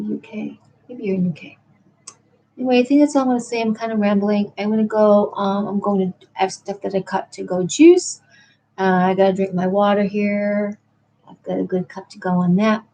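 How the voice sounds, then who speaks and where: This middle-aged woman's voice is medium in pitch with a dark tone. She's the host of a late-night livestream, wandering from topic to topic while responding to people in the chat.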